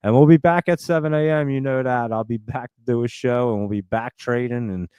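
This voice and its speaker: A man's voice: mid-range voice, fairly even intonation, a little fast, a little mellow, smooth, no room sound. A man hosting a live stock trading stream, chatting in a loose, rambling way with casual swearing and plenty of fillers.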